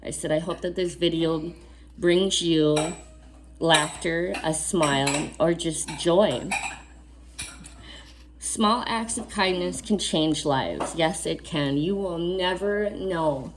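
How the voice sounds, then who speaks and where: A woman reads oracle cards aloud in a slow, unhurried way, with a slightly low voice. She adds earnest, casual asides and repeats key phrases for emphasis. Faint clatter of dishes can be heard behind her. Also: background noise. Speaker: oracle card reader. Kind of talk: spiritual card reading to camera.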